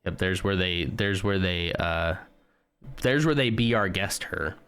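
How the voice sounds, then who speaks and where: A man's voice: low-pitched, unhurried, a bit bright, clean tone. A man streaming live, chatting casually and joking with his viewers as he browses. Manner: chatty, joking, talks to chat while browsing.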